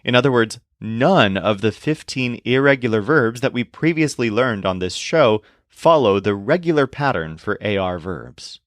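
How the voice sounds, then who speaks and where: Lively, clear male language teacher. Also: medium pitch, dry recording, studio quality. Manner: slow, deliberate explanations with spelled-out words. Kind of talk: scripted lesson narration.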